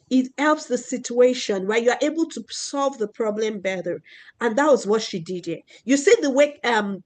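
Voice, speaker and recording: A woman teacher leading a children's class, her voice a little high. She asks the kids question after question and keeps checking in with "right?" as she goes. Her delivery is that of classroom instruction. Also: darkish tone.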